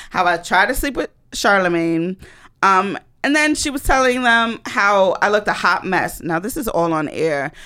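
A woman telling a personal story in a casual monologue, animated and blunt, with dramatic emphasis and swearing. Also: medium pitch.

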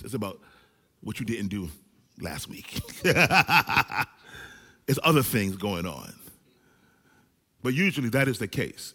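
A male pastor preaching a sermon to a small church gathering, with animated delivery that swings between loud and hushed. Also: mid-range voice, in a large hall. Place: small church service with few people present.

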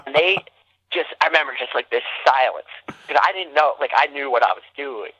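A man's voice: brisk, no room sound, rough recording. A man from New Jersey, a podcast guest, telling a story in casual conversation and acting out the quotes with big swings in his voice. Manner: animated, acts out quotes with big jumps in pitch.

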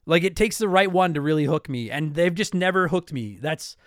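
A young man from Canada chats through listener questions in a high, lively voice that jumps all over the place. He rambles, restarts his sentences and apologizes often. The sound is close and dry, with no room around it. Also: fairly quick, dry recording. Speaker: podcast host answering listener mail. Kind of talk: casual chat.

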